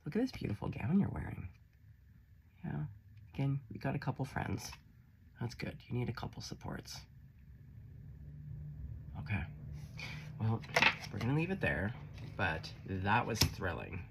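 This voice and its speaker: A man's voice: on the low side, big pitch swings, normal speed, gravelly, pauses often, a little hiss or hum. A man giving a casual tarot reading, blunt and profane, playful and encouraging as he talks the listener through the cards. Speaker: tarot reader.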